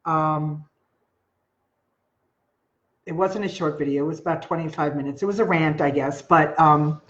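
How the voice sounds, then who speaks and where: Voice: medium pitch, normal speed, highs cut off. A live-stream host with a Long Island New York accent, talking casually and rambling to viewers with lots of filler words and greeting them by name.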